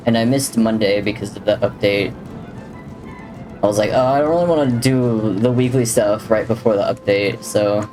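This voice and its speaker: With a fairly low, slightly mellow voice and a moderate pace, this livestreamer chats casually as he plays. He reads viewers' messages and jokes about the game, his focus drifting back and forth between chat and gameplay, while game music plays faintly.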